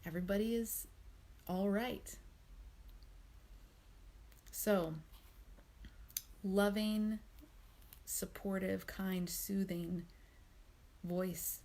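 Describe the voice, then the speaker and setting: A woman hosts a daily mindfulness reflection, speaking gently and without hurry, pausing on frequent ums. Her voice sits low, with a husky, breathy texture and a gravelly fry at the edges. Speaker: host of a daily mindfulness reading series. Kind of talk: reflective spoken commentary on a book reading.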